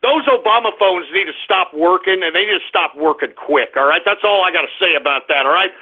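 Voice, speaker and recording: A man rants on his call-in radio show, scolding callers in a very high, husky voice. He drags his words out slowly. The sound is thin and tinny, as if over a phone line. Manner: ranting, shouting, scolding callers. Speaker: radio host taking call-in messages. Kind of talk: angry talk radio rant.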